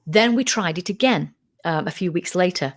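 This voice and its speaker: A woman's voice: fairly low pitch, moderate pace. A middle-aged woman from the United Kingdom, telling a story in a casual interview and acting out quoted voices. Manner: animated, acts out quoted voices. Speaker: guest, UFO researcher.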